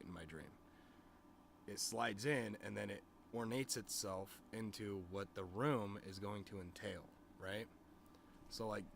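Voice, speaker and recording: A man's voice: fairly low pitch, gravelly, fairly bright tone, a little hiss or hum. A man streaming to his chat, telling a rambling story in a casual, profane way, with lots of "you know what I mean.". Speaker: streamer and musician.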